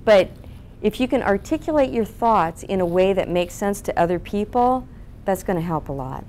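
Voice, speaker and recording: Expressive woman coaching a seminar group. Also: medium pitch, normal speed, a little hiss or hum. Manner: expressive, asks the room questions, acts out flat and lively voices. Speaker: public speaking coach. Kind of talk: seminar talk to a live group. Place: seminar room.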